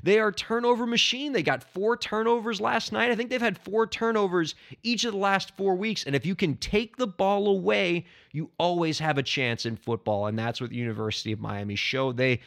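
A man hosting a podcast, talking casually and excitably, bursting into shouts and ending up out of breath. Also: sits high, fairly quick, gravelly, few pauses. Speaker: podcast host. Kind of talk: casual solo podcast talk.

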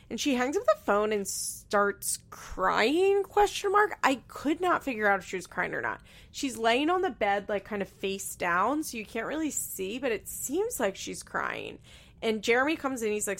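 A woman's voice: medium pitch, sing-song, normal speed, creaky, a bit bright. A young woman recapping a reality show in a chatty, gossipy way with sarcastic asides. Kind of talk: casual recap commentary.

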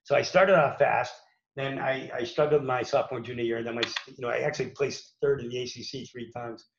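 Gravelly man telling stories in an echoey room. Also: mid-range voice, steady tone, brisk, slight background noise. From Pittsburgh, USA. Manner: rambling, many fillers and restarts. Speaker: former college wrestler telling his story. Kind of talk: casual spoken storytelling. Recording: echoey room, dull lo-fi sound.

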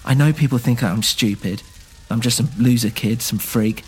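A man's voice: mid-range voice, moderate pace, breathy edge. A man voicing an impassioned young man, an orphaned outsider who pleads earnestly and turns defiant, in a scripted audio drama.

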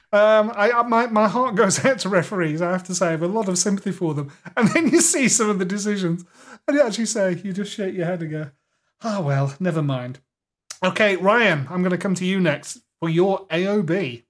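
A man's voice: high-pitched, a little fast, fairly bright tone. A man hosting a podcast panel quiz, chatty and wry with chuckling asides. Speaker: quizmaster host.

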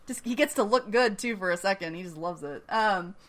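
A woman's voice: medium pitch, moderate pace, noisy background. A woman recapping a TV episode in casual chat. She is chatty, laughs often and swears freely. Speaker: podcast host recapping a TV episode.

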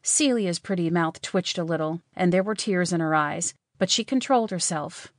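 A woman narrating a story in an audiobook, in a steady, plain way. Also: fairly low pitch, moderate pace, hardly any pauses, no echo, clean studio sound.

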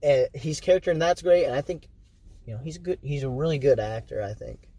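A man's voice: fairly high pitch, lively intonation, fairly quick, warm tone, husky, no echo, recorded from a distance. A man co-hosting a podcast, talking casually and hesitantly about movies, often stammering. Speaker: podcast co-host. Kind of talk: casual movie review chat.

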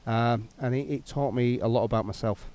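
A man's voice: medium pitch, fairly even intonation, normal speed, a little mellow. A middle-aged man, a cricket coach, reflecting on his career in a casual interview. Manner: reflective, storytelling.

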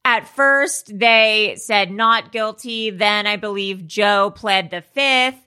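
A woman's voice: mid-range voice, slow pace, bright, forceful tone, clear, resonant tone. A woman co-hosting a casual podcast, chatty and self-deprecating, often laughing as she tells stories. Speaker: podcast co-host. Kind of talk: casual chat.

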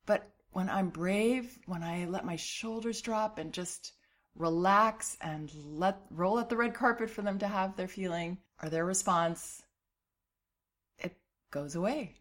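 A middle-aged woman with a somewhat low voice gives parenting advice in a calm, encouraging monologue. She sounds reassuring and steady, with a light laugh now and then as she answers a listener's letter. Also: a little slow.

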